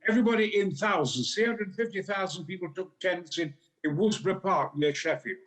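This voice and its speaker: A man in his eighties with a Yorkshire accent, telling bawdy anecdotes in a booming, dramatic, theatrical style as a talk show guest. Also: fairly quick, fairly bright tone. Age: 80s. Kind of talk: theatrical storytelling.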